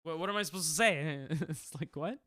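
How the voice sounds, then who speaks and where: A man's voice: fairly high pitch, brisk, pushed and bright, no echo, studio quality. A male streamer in casual chat with his viewers, defensive and laughing, rambling with restarts.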